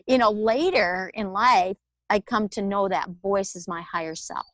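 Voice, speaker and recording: A woman, telling her personal story as an interview guest in a candid, animated way. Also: medium pitch, unhurried, dry recording. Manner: candid, animated storytelling with laughs and acted-out quotes. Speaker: guest, author and alternative healer.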